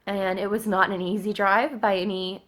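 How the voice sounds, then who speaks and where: A woman, telling a personal story in a halting way, with many fillers and restarts. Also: mid-range voice, flat delivery, fairly bright tone. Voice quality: gravelly. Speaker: vlogger.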